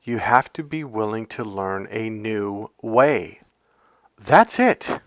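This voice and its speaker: A man coaching other men on dating and pitching his course, emphatic and profane, with frequent restarts. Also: lively intonation, takes it slowly, no room sound, clean studio sound. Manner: emphatic, profane, with lots of restarts and acted-out quotes.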